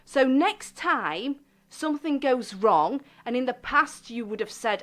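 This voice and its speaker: A woman hosting a self-help radio show, speaking gently and deliberately and stressing key words. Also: fairly high pitch, expressive.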